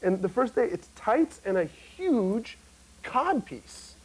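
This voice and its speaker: A man in his twenties, a guest actor on a talk show, telling stories in an animated, joking way with lots of fillers. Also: extremely high pitch, slow, husky, low-quality recording. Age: 20s. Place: TV studio before an audience.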